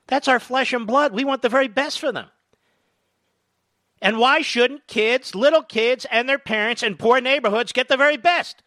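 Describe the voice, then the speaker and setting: A man's voice: sits high, bright, forceful tone, no echo. A man hosting a political talk radio show, emphatic and indignant, hammering points home by repeating them.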